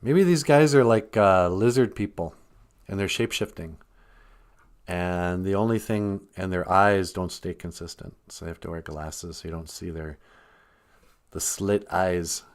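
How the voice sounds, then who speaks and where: A man's voice: deep voice, measured pace. A man hosting a live stream, rambling casually, joking and laughing often. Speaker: host.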